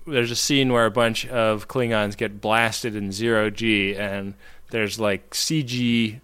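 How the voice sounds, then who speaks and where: Podcast guy, smooth resonant voice, rambly and swears a lot, laughs easy. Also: lowish voice, fairly even intonation, takes it slowly, a bit bright. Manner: rambling, profane, laughs often. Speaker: podcast co-host. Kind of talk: casual chat.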